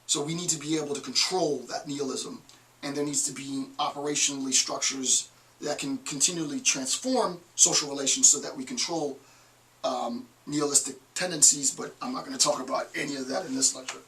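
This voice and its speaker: A man's voice: medium pitch, steady tone, a little fast, bright, forceful tone, distant mic, rough recording. A middle-aged man giving a recorded online lecture, full of digressions and joking asides. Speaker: college lecturer.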